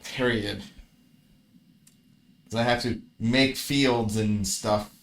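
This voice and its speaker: A man's voice: medium pitch, fairly even intonation, takes it slowly, a bit bright. A man casually commentating his own card game match, grumbling and swearing at his bad luck.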